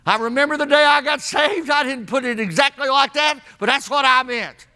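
A man's voice: very high-pitched, moderate pace, sharp tone. A man preaching a sermon in a folksy, emphatic way, calling out to the congregation as he tells stories.

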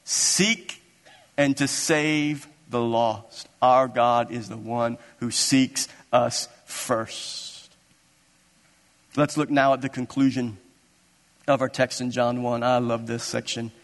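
Animated preacher in a reverberant hall. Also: male voice, mid-range voice, takes it slowly. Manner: animated, acts out scripture scenes. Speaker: pastor. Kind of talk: sermon. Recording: long reverb of a large hall.

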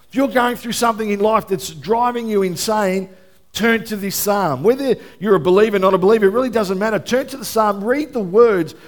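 A man with a noticeably high-pitched voice delivers a sermon from the pulpit. He talks conversationally rather than formally. He keeps turning to his listeners to check they are following. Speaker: pastor.

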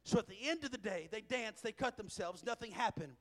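A man preaching a sermon, telling a scripture story with animated delivery, chuckling and raising his voice for emphasis. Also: sits high, a little fast. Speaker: pastor.

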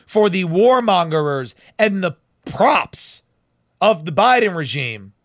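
A man's voice: high-pitched, fairly bright tone, no room sound, clean studio sound. A man hosting a talk show, delivering fiery, emphatic and sarcastic political commentary.

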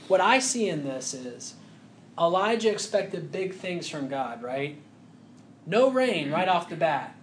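A man preaching a sermon in a conversational way, often asking "right?" and dropping to a quiet, close voice for intimate points. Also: fairly high pitch, echoey room, slight background noise.

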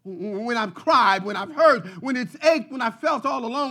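A man preaching a sermon, dropping to quiet low passages and rising to shouted peaks, repeating phrases in rhythmic runs. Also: moderate pace, few pauses.

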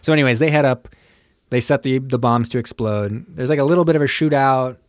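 A man in mid pitch recaps a film plot on a casual podcast. He keeps breaking into quick impressions of the characters. His voice is recorded dry and close, with no room around it. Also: no room sound. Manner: animated retelling, acting out characters' lines. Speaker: podcast co-host. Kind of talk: casual movie recap chat.

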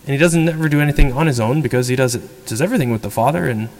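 A male priest with a mid-pitched voice preaches a sermon in a casual, conversational way, racing along and animatedly acting out the people he quotes. The church gives every phrase a long, lingering reverb.

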